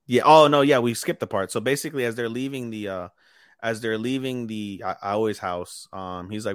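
Male podcast co-host, low voice, dry close sound, casual animated recap. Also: normal speed, clear, resonant tone, no echo. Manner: animated retelling, acting out character lines. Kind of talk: casual anime podcast chat.

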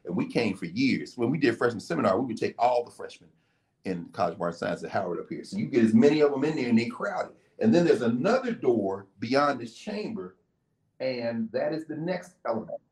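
A man's voice: mid-range voice, brisk. A man, a guest, explaining in a casual way and telling it like a story, now and then acting out what people said. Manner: animated, storytelling, acts out quotes.

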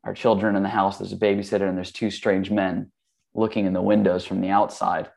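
A man in his forties speaking as an interview guest, his voice low-set and gravelly with a rough fry on the ends of phrases. He tells stories in an easygoing, rambling way, filling his pauses with ums and likes and often restarting a phrase. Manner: relaxed, rambling, with many fillers and restarts. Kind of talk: casual storytelling.

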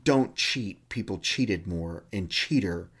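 A man from Texas chats as a podcast co-host, his voice sitting a little on the low side. He tells stories loosely, circling back with restarts and poking fun at himself. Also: expressive, takes it slowly, a bit bright, breathy edge. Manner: rambling, self-deprecating storytelling with restarts. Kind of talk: casual podcast chat.

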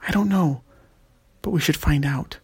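A man's voice: fairly high pitch, moderate pace, gravelly, husky, heavily acted. Man doing a bossy young princess. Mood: eager. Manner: commanding, eager.

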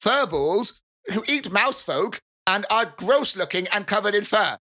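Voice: mid-range voice, expressive, measured pace, pushed and bright, pitched above the performer's own voice. A game master voicing the chatty, proud queen of a tabletop game's mouse folk, who talks in a rambling, casual way. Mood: indignant.

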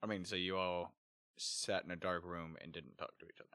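A man co-hosting a casual chat, teasing and deadpan, telling anecdotes. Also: deep voice, fairly quick, clear, resonant tone, no room sound, studio quality. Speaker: podcast co-host.

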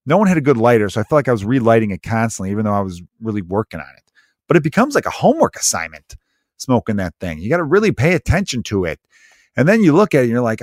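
A man's voice: mid-range voice, big pitch swings, quick pace, no room sound, studio quality. A man in his mid-thirties riffing in a casual, sarcastic, profane comedic monologue as a podcast host. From United States. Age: 30s. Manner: rambling, profane, sarcastic storytelling.

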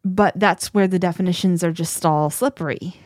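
A woman co-hosting a podcast in easy conversation. She talks in a lively, chatty flow, often doubling back and restarting her sentences. Her voice is recorded close and dry, with no room echo. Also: fairly low pitch, normal speed. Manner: animated, chatty, many restarts. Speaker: podcast co-host. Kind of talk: casual conversation.

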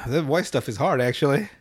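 A man's voice: mid-range voice, slightly rough. A man hosting a podcast, recapping a cartoon episode in a profane, rambling, laugh-filled casual style. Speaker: podcast host.

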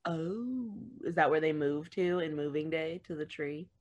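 A woman's voice: sits low, unhurried, a little mellow, highs cut off. A woman in casual conversation, playful and upbeat, chatting about things she remembers. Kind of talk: casual chat.

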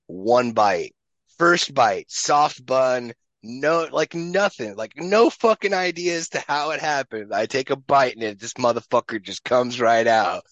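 A man spins a story in casual podcast chat, animated and packed with swearing. His voice sits in a middling range. The recording is dry, dull and lo-fi. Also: medium pitch, unhurried, no echo. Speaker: podcast guest. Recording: dull lo-fi sound.

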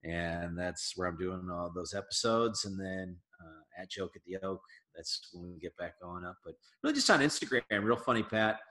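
A man, a comedian guest on a casual podcast interview, talking in an animated, emphatic way. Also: low voice, moderate pace, roomy sound. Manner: animated, emphatic advice-giving.

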